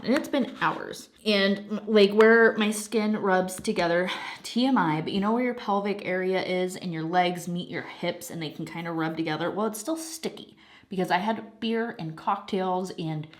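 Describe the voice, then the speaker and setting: A young adult woman chats casually over her craft project. She tells stories in an animated way, laughs often and swears now and then. Her voice is a little snuffly from a lingering cold. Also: medium pitch. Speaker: craft channel host. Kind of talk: casual chat while diamond painting.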